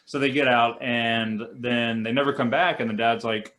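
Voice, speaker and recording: A young man chatting on a podcast and walking through a film's story, his voice sitting at an ordinary mid pitch. He jumps into little acted-out lines as he goes, keeping the telling lively and loose. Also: normal speed. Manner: animated storyteller acting out quotes. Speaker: podcast co-host. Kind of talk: casual chat, retelling a movie plot.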